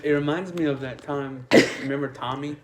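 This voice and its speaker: Young male co-host, a little high-pitched, swears freely, crowd noise behind. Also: fairly even intonation, a little fast. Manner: blunt, profane storytelling. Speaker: podcast co-host. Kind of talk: casual chat among friends.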